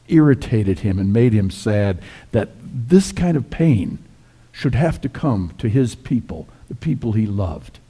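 Husky, mellow-voiced male preacher. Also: mid-range voice, expressive, unhurried. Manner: folksy, conversational storytelling. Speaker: pastor. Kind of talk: sermon.

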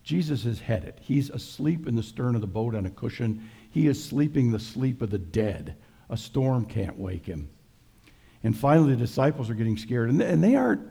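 Gravelly, folksy middle-aged preacher. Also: male voice, medium pitch, mellow. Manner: folksy, conversational storytelling with jokes. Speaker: pastor. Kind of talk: sermon.

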